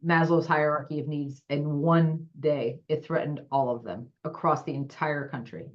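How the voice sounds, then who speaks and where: A woman's voice: low-pitched, normal speed. A woman co-hosting a casual podcast conversation, explaining at length with many fillers. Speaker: podcast co-host. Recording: slightly dull, lo-fi mic.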